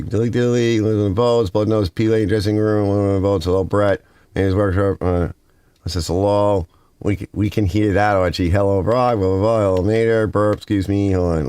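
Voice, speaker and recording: A man's voice: on the low side, darkish tone, no echo. A man with a Northern US accent hosting a casual garage livestream, rambling and reading viewer comments aloud.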